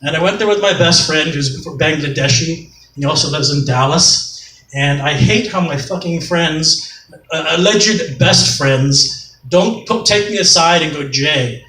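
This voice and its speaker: A man's voice: fairly high pitch, unhurried, sharp tone. A middle-aged man from Canada doing a rambling, profane, self-mocking stand-up comedy set on a club stage. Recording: echoey club, mic far off, faint noise.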